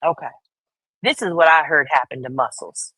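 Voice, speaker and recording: A woman's voice: low voice, normal speed, pushed and bright, husky, dry recording. Dry-sounding woman gossiping on stream. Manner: profane, conspiratorial, reads chat aloud; acts out quoted voices. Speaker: livestream host. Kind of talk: casual gossip commentary.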